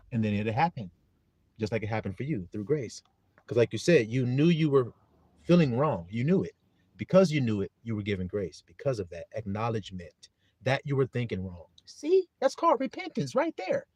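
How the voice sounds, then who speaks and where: Animated, profane preaching man, lively swings. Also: medium pitch, fairly quick, no room sound. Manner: animated, profane, acts out quoted voices, bursts into shouting. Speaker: host and preacher of a live stream. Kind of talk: informal street-style preaching.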